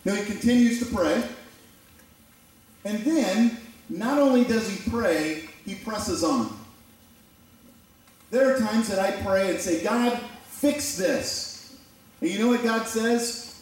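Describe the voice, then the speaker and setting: A man's voice: high voice, lively intonation, a little slow, long pauses, a little mellow. A man preaching a sermon as pastor, talking conversationally and acting out quoted voices. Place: church sanctuary. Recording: very echoey church from a distant mic.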